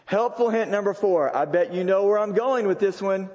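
A man's voice: high-pitched, moderate pace, darkish tone, dull audio. A man preaching a sermon to fathers in a large sanctuary, stressing key lines by repeating them. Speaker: pastor. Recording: long hall reverb in a big sanctuary.

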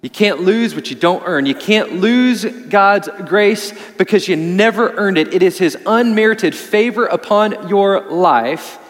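A man preaching a sermon as pastor, pressing his points hard and then dropping low and soft for emphasis. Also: lively intonation, measured pace, few pauses, long reverb tail. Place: church sanctuary.

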